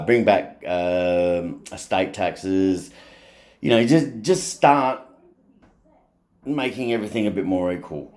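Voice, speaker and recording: A middle-aged man with an Australian accent talks in a casual, rambling vlog monologue. His voice sits very low. He is blunt and swears freely. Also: a little mellow. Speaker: vlogger.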